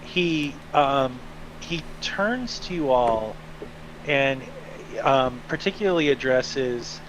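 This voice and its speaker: Slow, hesitant male game master. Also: mid-range voice, noisy background. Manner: relaxed, hesitant, many fillers. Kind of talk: narrating a tabletop game.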